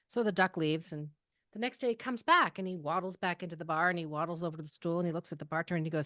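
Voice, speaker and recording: A woman's voice: fairly low pitch, expressive, quick pace, bright, forceful tone, no room sound, clean studio sound. A woman co-hosting a podcast, chatting casually and telling a joke in a playful way that laughs easily. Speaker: podcast co-host.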